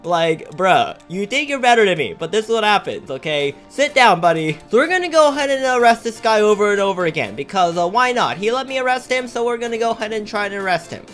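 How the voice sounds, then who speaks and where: A man giving excitable, trash-talking commentary over his own gameplay as a gaming YouTuber. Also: sits high, fast talker, hardly any pauses, faint music behind.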